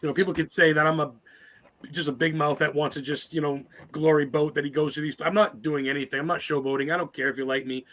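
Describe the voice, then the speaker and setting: This fortysomething podcast guest talks rapidly in a somewhat high, bright and forceful voice, keeping a steady tone. He rambles through his anecdotes in a casual interview, swearing often and showing his emotions openly.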